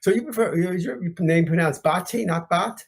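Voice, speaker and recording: A male host with a somewhat high, slightly husky voice leads a casual interview. He halts and restarts often, filling the gaps with ums. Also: fairly quick, darkish tone. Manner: hesitant, many ums. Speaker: show host.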